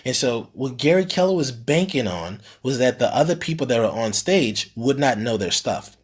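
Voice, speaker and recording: A man's voice: mid-range voice, expressive, moderate pace, husky. A man, a real estate team leader, telling a story in a rambling, casual way with many fillers and frequent "right?" tags. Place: live streamed session.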